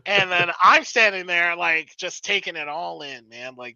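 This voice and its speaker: A man's voice: high voice, moderate pace, creaky, sharp tone, clean tone, no echo, dull audio. A man telling a story on a podcast as a guest musician, rambling, laughing and swearing as he goes.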